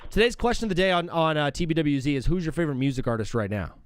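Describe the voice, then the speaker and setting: Male sports talk host, 30s, slightly high, rambling and casual, drops "bro" constantly. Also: racing, clean tone, no echo. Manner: rambling, animated, says "bro" a lot.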